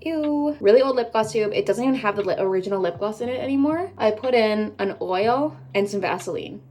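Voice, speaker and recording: A woman's voice: fairly high pitch, a little mellow. A woman in her twenties from Canada, chatting casually to viewers while doing her makeup, bubbly and full of rambling asides. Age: 20s. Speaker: beauty vlogger. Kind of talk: casual get-ready-with-me chat.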